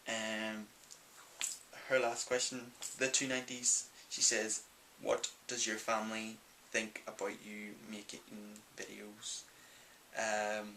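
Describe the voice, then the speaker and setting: A young Northern Irish man chats through viewer questions in a loose, rambling way, with plenty of ums. His voice is low-pitched but very bright and forward. A faint hiss sits under the recording. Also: rough recording. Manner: chatty and rambling, many ums. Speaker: vlogger. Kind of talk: casual Q&A vlog.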